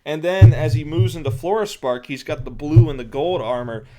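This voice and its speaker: A man's voice: a little high, moderate pace, mellow. A man giving a casual spoken review, rambling and thinking aloud with lots of fillers and frequent chuckles. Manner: chuckles often while talking. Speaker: comic book reviewer.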